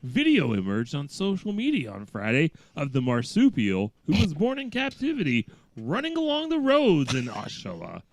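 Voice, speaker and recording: A man's voice: on the high side, wildly swooping pitch, moderate pace, gravelly, few pauses, dry recording. A man on a casual podcast, reading a news story aloud in a mock-serious delivery that keeps slipping into laughter.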